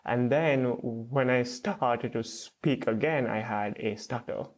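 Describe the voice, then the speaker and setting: A young man, a podcast guest, speaking slowly and hesitantly with stutters, repeats and many fillers. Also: medium pitch. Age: young adult. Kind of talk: podcast interview.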